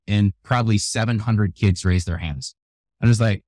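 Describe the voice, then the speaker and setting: An older man with gray hair, a youth keynote speaker, telling animated stories in a radio interview. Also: on the low side, moderate pace, no echo. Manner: energetic, animated storyteller who acts out quotes. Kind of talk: storytelling interview talk. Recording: dry close sound, radio show.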